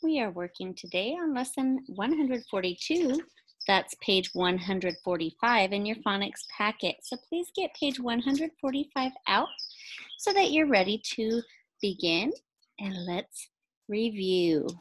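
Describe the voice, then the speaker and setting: Woman teaching a slow phonics lesson. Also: medium pitch, expressive, a little hiss or hum, poor audio. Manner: slow, clearly enunciated teacher talk with pauses for imagined answers. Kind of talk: recorded online phonics lesson for children.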